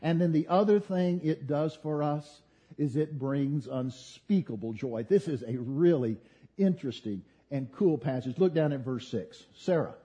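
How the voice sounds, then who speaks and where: A man preaching a sermon, retelling scripture as an animated story. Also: on the high side, unhurried, husky. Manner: animated storytelling, voicing quoted figures. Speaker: pastor. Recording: dull lo-fi sound.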